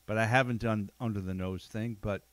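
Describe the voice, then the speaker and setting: A man with a lowish voice hosts a loose podcast conversation. He tells stories bluntly, with plenty of casual swearing. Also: normal speed, dry recording. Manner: blunt, animated storyteller who swears freely. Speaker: podcast host, jiu-jitsu black belt.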